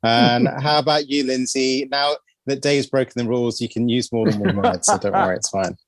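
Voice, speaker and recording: A man's voice: mid-range voice, fairly quick, dry recording. A man hosting a film podcast in casual chat, full of fillers, restarts and laughter. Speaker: podcast host.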